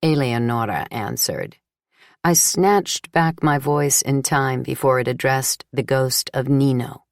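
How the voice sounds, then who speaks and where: A woman reading a novel aloud as an audiobook narrator, in a measured, inward first-person style. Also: low voice, vocal fry, darkish tone, no room sound, studio quality.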